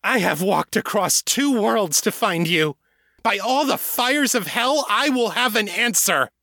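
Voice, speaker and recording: A man voicing a fierce young horned half-demon woman warrior who speaks sharp and venomous in a storybook reading. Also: mid-range voice, moderate pace, no echo, studio quality. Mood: furious.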